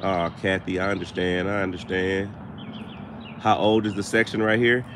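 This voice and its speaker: A man hosting a casual live stream while walking through a cemetery, chatting with viewers and giving them shout-outs, recorded outdoors on a handheld phone. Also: sits low, flat delivery, normal speed, background noise. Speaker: paranormal show host, live streamer. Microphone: handheld phone camera.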